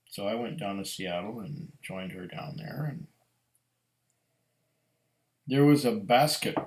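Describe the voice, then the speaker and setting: A middle-aged man talks through a whiskey tasting at an unhurried crawl, his voice sitting a little low. He muses aloud and drifts into stories between sips. His voice bounces around a roomy, echoing space. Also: a little mellow. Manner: slow, musing, storytelling. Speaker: whiskey reviewer. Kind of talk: casual tasting review. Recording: echoey room.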